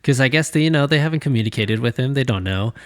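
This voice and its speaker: A man co-hosting a casual podcast, laid-back and quick to laugh while recapping an episode. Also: medium pitch, animated, no echo, clean studio sound. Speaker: podcast co-host.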